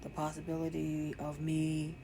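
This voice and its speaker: A woman's voice: sits low, completely flat delivery, normal speed, background noise. A woman with a New York accent, talking to her viewers in an emotional personal vlog, angry and repeating herself. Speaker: vlogger.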